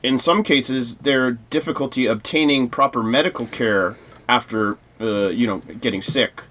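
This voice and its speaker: A man's voice: mid-range voice, unhurried, a bit bright. A man co-hosting a podcast, reading news items aloud with many fillers and restarts in casual discussion. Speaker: podcast co-host.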